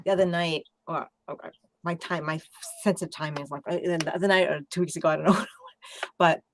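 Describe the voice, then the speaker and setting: A woman's voice: fairly low pitch, steady tone, a little fast, a little hiss or hum. A woman with a Long Island New York accent hosting a casual late-night chat, rambling and laughing often. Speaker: live chat host.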